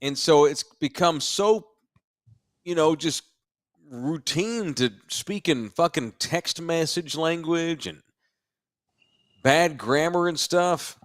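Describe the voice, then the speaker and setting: A man's voice: fairly high pitch, slow pace, long pauses, dry recording. A middle-aged man co-hosting a podcast and ranting with exasperation about teaching, emphatic and profane in casual banter, recorded on a close studio mic. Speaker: podcast co-host and high school history teacher. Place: podcast studio in a sports bar.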